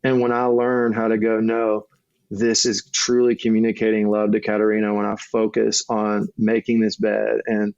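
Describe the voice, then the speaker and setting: A man's voice: fairly low pitch, monotone, normal speed, creaky, darkish tone, smooth, dry recording. A middle-aged man, a marriage coach and guest, talking earnestly in a casual conversation with frequent restarts, on a dull lo-fi recording.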